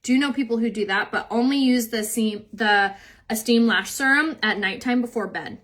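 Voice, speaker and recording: This is a young woman chatting on her own makeup live stream. Her voice sits a little high. She rambles from story to story, filling gaps with "like" and "um", and laughs easily as she reads viewer comments. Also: moderate pace, a bit bright.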